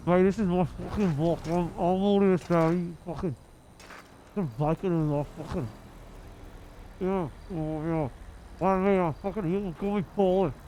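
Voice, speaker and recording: A man's voice: high voice, fairly even intonation, measured pace, warm tone, slight background noise. A man putting on an aggressive Welsh street tough. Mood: menacing. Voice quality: muffled through cloth. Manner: threatening, swearing constantly.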